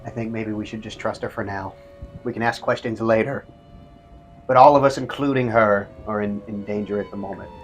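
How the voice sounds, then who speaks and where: A man's voice: lowish voice, steady tone, fairly quick, faint music behind. A man playing a tabletop game, making dry, wry remarks. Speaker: player.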